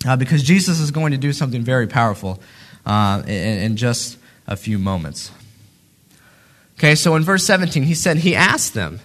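Male Bible teacher, casual classroom tone, expressive rise and fall, loose and chatty. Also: medium pitch, moderate pace. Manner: conversational, many fillers and restarts, acts out quotes.

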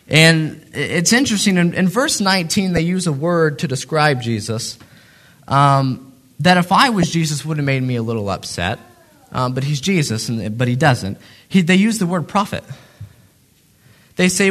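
Male Bible teacher, casual classroom tone, expressive rise and fall, loose and chatty. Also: on the high side, normal speed. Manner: conversational, many fillers and restarts, acts out quotes.

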